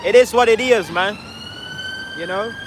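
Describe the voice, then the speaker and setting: A man's voice: extremely high pitch, wildly swooping pitch, unhurried, noisy background. A man giving a heated, rhetorical street speech outdoors, challenging the crowd. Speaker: street speaker. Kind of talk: impassioned street debate speech. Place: outdoors in a city park.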